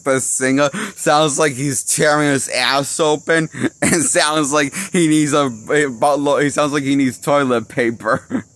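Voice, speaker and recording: A man's voice: mid-range voice, a bit bright, dry recording. A man giving a casual spoken film review, rambling and losing his train of thought while laughing at his own jokes. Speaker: movie critic.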